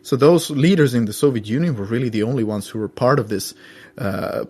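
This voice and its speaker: A man's voice: mid-range voice, fairly quick, a little mellow. Male podcast guest, casual and rambling with restarts. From Finland. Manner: rambling, many restarts, mocking put-on voices when quoting.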